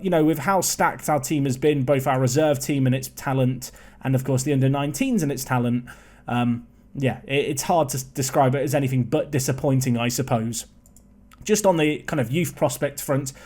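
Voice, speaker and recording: Commentating on a football management game, a young man with a mid-range voice keeps things casual and chatty. He gets excited easily and wanders off on tangents.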